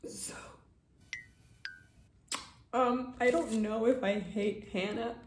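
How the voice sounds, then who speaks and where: A woman's voice: a little high, fairly even intonation, slow. A young woman book vlogger talking casually, tearful and laughing through tears, dramatic about a book. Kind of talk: casual vlog. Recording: roomy echo, faint noise.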